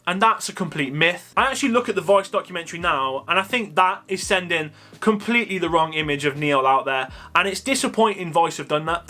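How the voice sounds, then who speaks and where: A man's voice: sits high, pushed and bright. A man with a Coventry accent, talking casually to his viewers in a sarcastic, chatty way full of fillers. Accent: Coventry English. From Coventry, England. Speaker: wildlife YouTuber. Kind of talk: casual vlog commentary.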